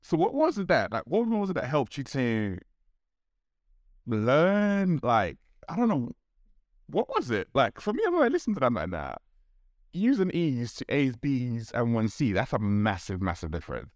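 A man hosting an interview, excitable and repeating words when he is emphatic. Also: medium pitch, unhurried, no room sound, clean studio sound. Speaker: host. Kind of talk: conversational interview.

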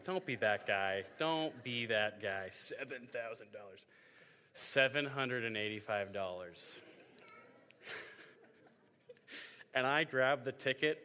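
Joking his way through a youth group sermon, this young man in his twenties, a youth pastor, tells stories and performs different voices. He has a medium-pitched, sharp-toned voice, and the recording carries hall reverb.

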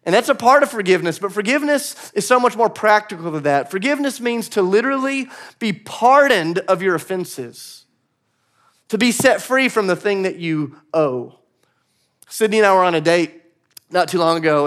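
A man in his thirties preaches a sermon in a high, light voice. He talks in a conversational, animated way and slips in playful asides. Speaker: pastor. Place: church stage.

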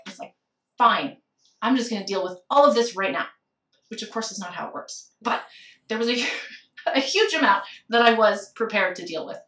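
A woman's voice: medium pitch, a bit bright, reverberant, distant mic. A woman candidly telling a personal story of grief, reflective and at times tearful. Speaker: guest sharing a personal story.

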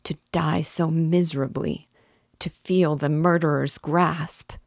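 Brief: woman reading a gentle grieving young friend, low and dry, tender. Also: fairly even intonation, slow, vocal fry, no echo, full character voice. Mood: mournful.

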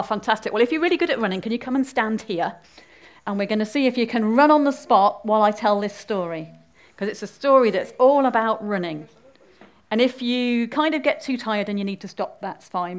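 A woman speaking at a church service, telling a story in a friendly way and inviting the audience to join in. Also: medium pitch.

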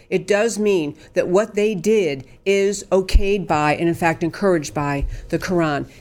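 A woman's voice: fairly low pitch, a little mellow. A woman hosting a political talk show, giving an emphatic commentary monologue with frequent fillers and restarts.

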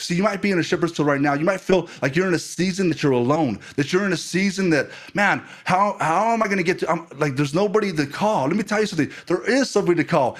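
Fervent preaching man, slightly high. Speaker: pastor. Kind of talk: sermon.

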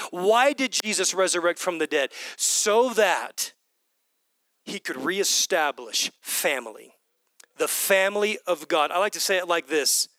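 Male preacher, high pitch, dry sound; impassioned, repetitive delivery with whispered drops. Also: dry recording. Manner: impassioned, repetitive, swings from loud calls to whispers. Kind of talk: sermon.

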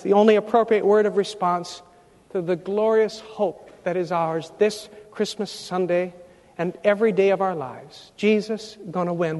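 A man preaching a sermon as pastor, emphatic, rising to loud climaxes, in a church sanctuary. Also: high voice. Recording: long reverb of a large church hall.

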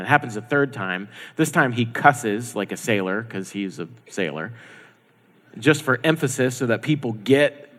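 A pastor giving a conversational sermon, acting out the people in the story in quoted voices. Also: male voice, mid-range voice, expressive, normal speed, fairly bright tone. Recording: long hall reverb.

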